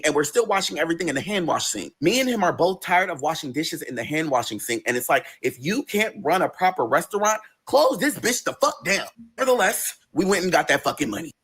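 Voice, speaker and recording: A man telling a personal story in a storytime vlog, animated, dramatic and full of cursing. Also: high-pitched, slightly rough.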